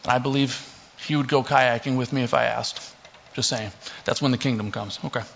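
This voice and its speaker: A man's voice: mid-range voice, brisk, creaky, slight background noise. Young male pastor, casual sermon, joking asides, muffled lo-fi sound. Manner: relaxed, joking asides, many fillers. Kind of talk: casual sermon with scripture reading. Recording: dull lo-fi recording.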